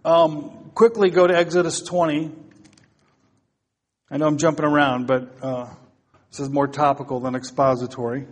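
A man's voice: a little high, flat delivery, moderate pace, pauses often. A man preaching a topical sermon, talking casually to his congregation and then reading psalms aloud with rising emphasis.

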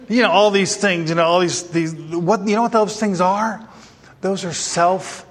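High-voiced preacher in an echoing hall. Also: male voice, fairly even intonation, a little slow. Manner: emphatic, with rhetorical questions to the congregation. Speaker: pastor. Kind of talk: sermon. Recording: long hall reverb.

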